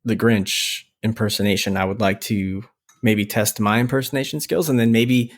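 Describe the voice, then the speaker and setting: A man co-hosting a podcast, chatting loosely and playfully. His voice is high and squeaky, and he rambles and restarts his sentences. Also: fairly even intonation, normal speed. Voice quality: self-described high, squeaky voice. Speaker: podcast co-host. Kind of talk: casual chat.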